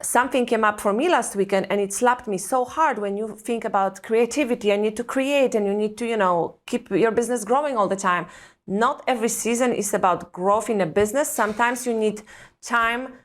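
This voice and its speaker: A woman's voice: fairly high pitch, a little fast. A woman from Europe, a parenting coach talking earnestly and emphatically as a podcast guest, full of searching questions. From Eastern Europe. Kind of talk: reflective podcast interview talk.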